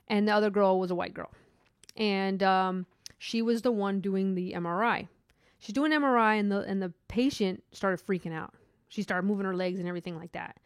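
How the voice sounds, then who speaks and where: A woman's voice: medium pitch, dry recording, clean studio sound. A woman who works in hospital imaging, talking earnestly and rambling with restarts in a casual spiritual monologue. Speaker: hospital MRI worker.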